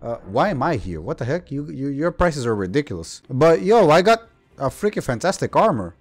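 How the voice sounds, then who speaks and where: A man giving excitable let's play commentary, swearing and ranting at the game. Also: on the high side, moderate pace. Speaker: gaming youtuber. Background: faint game music.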